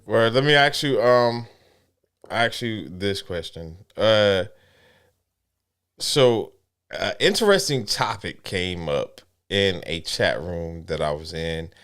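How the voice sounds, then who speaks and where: A man's voice: deep voice, animated, takes it slowly, a bit bright, smooth. A man co-hosting a casual podcast chat, asking questions in a laid-back, curious way. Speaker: podcast co-host.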